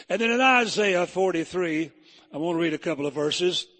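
High-voiced preacher, husky. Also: male voice, lively intonation, a bit bright. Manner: rising to emphatic peaks, drawn-out scripture reading; folksy, plain-spoken. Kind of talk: sermon. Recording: long reverb of a hall.

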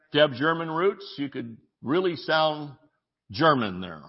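A man pastor preaching a sermon, reading scripture with jokes and sudden shouts. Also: a little high, big pitch swings, slow pace. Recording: dull lo-fi audio.

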